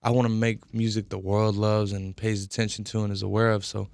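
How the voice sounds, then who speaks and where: A man's voice: lowish voice, flat delivery, fairly quick, creaky, a little mellow, no echo, clean studio sound. A young man in his twenties answering interview questions thoughtfully and earnestly, with many fillers. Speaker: rapper, interview guest. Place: radio studio.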